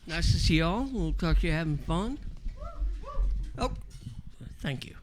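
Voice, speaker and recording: A man's voice: on the high side, expressive, measured pace, over music. An older man performing his first bawdy stand-up set at an open mic, with self-deprecating banter. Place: comedy club stage before a live audience.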